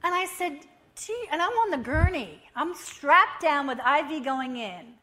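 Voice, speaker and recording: A woman around fifty, a missionary giving a lively testimony at a church service and telling her story with acted-out dialogue. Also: high voice, a little slow. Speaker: missionary speaker.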